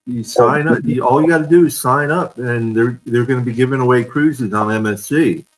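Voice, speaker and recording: A man's voice: mid-range voice, normal speed, low-quality recording. A man hosting a casual live-streamed fan chat, telling stories and laughing often over a video call. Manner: chatty storyteller, laughs often. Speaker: fan show host.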